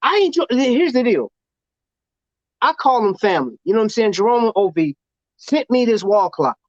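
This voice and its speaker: A man's voice: sits high, big pitch swings, moderate pace, dry recording. A man hosting a casual livestream chat, talking loosely and animatedly with lots of slang and laughter. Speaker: show host. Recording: dull, lo-fi sound.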